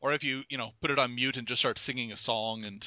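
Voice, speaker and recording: Sharp, bright-voiced male podcast host. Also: medium pitch, steady tone, fast, no echo. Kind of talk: casual interview over an online call.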